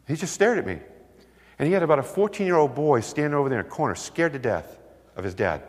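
A man preaching a sermon, telling stories with lively delivery and acting out the voices of the people in them. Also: a little high, fast. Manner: animated storytelling, acts out voices. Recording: long hall reverb.

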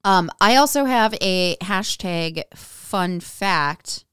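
A woman's voice: fairly low pitch, expressive, slow pace, fairly bright tone, smooth, no echo, clean studio sound. A woman co-hosting a podcast in casual chat, easygoing and hesitant, with plenty of fillers. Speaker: podcast co-host.

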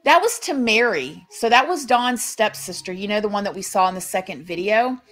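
A woman's voice: mid-range voice, lively intonation, normal speed, fairly bright tone, soft background music. A woman hosting a true crime commentary, speaking emphatically and indignantly. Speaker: true crime channel host.

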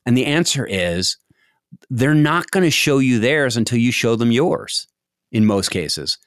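A man's voice: medium pitch, measured pace, no room sound, studio quality. A middle-aged man giving casual advice on a podcast, acting out short example conversations with many restarts. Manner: animated, acts out example dialogues, frequent restarts.

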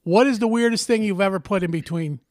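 A man co-hosting a casual comedic podcast, crude and wisecracking with loud outbursts. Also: sits high, quick pace, no echo, studio quality. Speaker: podcast co-host.

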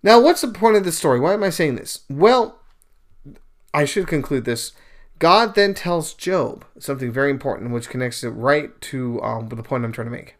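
A man's voice: medium pitch, normal speed. A man hosting a podcast, casually retelling a scripture story and giving his views, emphatic and chatty with asides. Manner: animated, emphatic, acts out quoted speakers; conversational with fillers and asides. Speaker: podcast host. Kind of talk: casual retelling and religious commentary.

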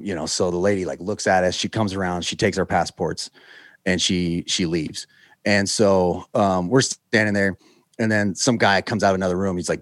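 An American man recounts a story in a loose, casual way, slipping into the voices of the people in it. His voice sits a little low, and the recording is dry with almost no room sound. He rambles and circles back, with plenty of fillers. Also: fairly quick, no room sound. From United States. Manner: animated, acts out quoted voices. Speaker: guest telling a story.

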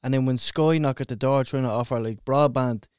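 A man's voice: mid-range voice, brisk, a little mellow, clear, resonant tone, no room sound, studio quality. A man in a casual podcast chat, blunt, swearing and telling stories.

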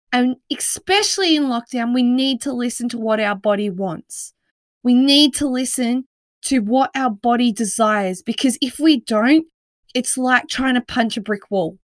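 A woman's voice: high voice, no echo. A woman hosting a casual self-help podcast. She talks in a chatty, reassuring way, with lots of "like" and frequent laughs. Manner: chatty and reassuring, many "like" fillers, laughs often. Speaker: podcast host.

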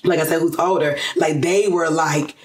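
A woman's voice: deep voice, fairly even intonation, moderate pace, slight background noise. A woman from Georgia in the US, chatting in a casual interview, rambling with many fillers and restarts and laughing often. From Georgia, USA. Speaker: interview guest. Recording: roomy echo.

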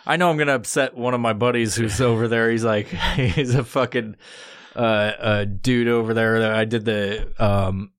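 A man's voice: mid-range voice, steady tone, moderate pace, clean tone, no room sound, clean studio sound. A man hosting a podcast, chatting casually, cursing constantly and laughing often between jokes. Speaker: podcast host. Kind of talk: casual profane chat.

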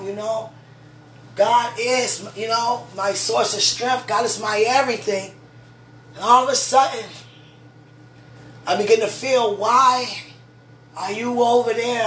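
A woman talking casually and gushingly to her partner at home, rambling with many "you know"s and fervent religious asides. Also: a little high. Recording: echoey room, far from the mic, steady background noise.

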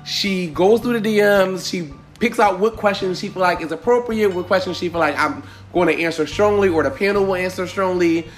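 A young man hosting a casual panel podcast, animated and sassy, often laughing as he talks. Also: high voice, fairly quick, few pauses, faint music behind. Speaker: podcast host.

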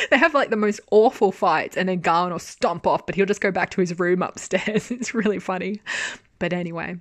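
A young woman chatting casually about a drama. She is animated, laughs often and swears. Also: lowish voice, brisk, no room sound. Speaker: drama reviewer. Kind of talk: casual chat.

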